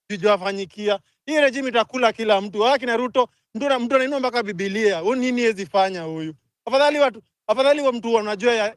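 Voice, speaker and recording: A young Kenyan man ranting angrily in a live audio chat, switching fast between languages. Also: high-pitched, a bit bright, no room sound. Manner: angry, rapid code-switching rant. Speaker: speaker in a live audio room.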